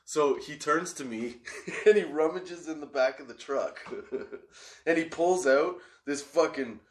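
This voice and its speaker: This young comedy podcast host speaks in a fairly high pitch at an unhurried pace, his voice sounding roomy. He laughs a lot and swears without restraint while animatedly telling a story.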